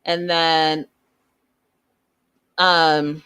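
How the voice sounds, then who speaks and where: A woman hosting a reality TV recap show, talking in an animated, opinionated way and acting out the quotes. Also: low-pitched, extremely slow, clean tone. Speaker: show host reviewing reality TV. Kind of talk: casual recap commentary.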